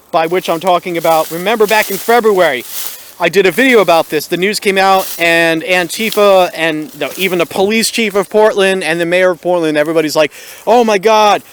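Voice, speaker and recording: High-voiced sarcastic man ranting on vlog. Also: fairly bright tone, a little hiss or hum. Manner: sarcastic, exasperated, talks straight to viewers. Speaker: video host. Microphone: built-in camera microphone.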